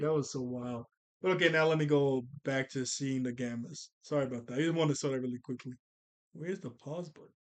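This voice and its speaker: A man giving casual, excitable commentary on a film, often laughing and stumbling over his words. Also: mid-range voice, a little fast. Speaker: channel host reacting to an anime film.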